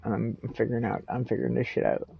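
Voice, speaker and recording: A man's voice: mid-range voice, fairly even intonation, quick pace, gravelly, breathy edge, lo-fi sound. A man with a Canadian accent, chatting in a rambling, casual way while streaming a game and laughing often. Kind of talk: casual chat while gaming.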